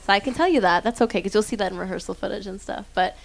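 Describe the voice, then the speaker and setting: A woman in her twenties sits onstage at a live interview, talking about herself in a bubbly, chatty way. She laughs at herself and trails off into asides. Her voice sits at an ordinary middle pitch. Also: very fast, gravelly. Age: 20s. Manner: chatty, bubbly, self-deprecating. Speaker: guest singer. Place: theater stage before an audience.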